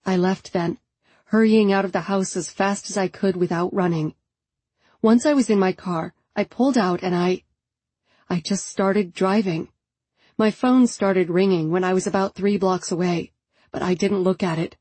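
A woman's voice: mid-range voice, steady tone, moderate pace, a little mellow, husky, no echo. A woman narrating an audiobook in the first person with a subdued, introspective delivery.

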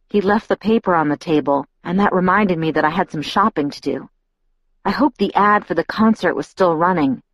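A woman reading an audiobook aloud in the first person, with an even, wry, reflective delivery. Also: on the low side, no room sound. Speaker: audiobook narrator. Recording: dull lo-fi audiobook recording.

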